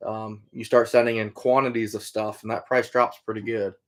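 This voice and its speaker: A middle-aged trapper and hunter from Iowa hosts a casual livestream, rambling easily through viewer comments with plenty of fillers. His voice is fairly low with little pitch movement, at a moderate pace.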